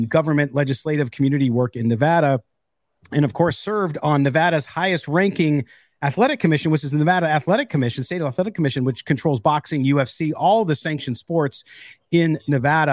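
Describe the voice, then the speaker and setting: Man, sports podcast co-host, enthusiastic, slightly high pitch, dry sound. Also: a little mellow, no echo. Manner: enthusiastic, reads quotes aloud. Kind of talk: casual sports talk.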